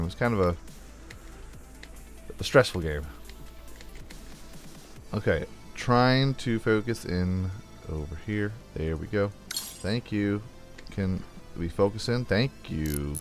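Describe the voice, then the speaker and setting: Rambling, joking man with a low voice. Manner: rambling, jokey storytelling with playful sound effects. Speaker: let's play host. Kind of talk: casual gameplay chat. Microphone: desk microphone.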